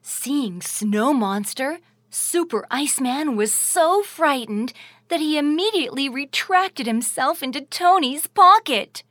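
A woman's voice: high-pitched, dry recording. Sing-song woman narrating a children's story. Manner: expressive, sing-song, deliberate.

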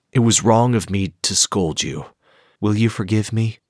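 A woman voicing a worried, apologetic father mouse in a children's story, speaking softly and haltingly. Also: rumbling low, dry recording, studio quality, pitched below the performer's own voice, exaggerated voice. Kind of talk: storybook narration.

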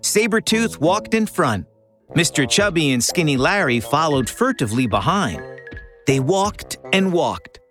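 A woman narrating a children's audio story in a clear, storytelling manner. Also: low voice, sing-song, measured pace, faint music behind.

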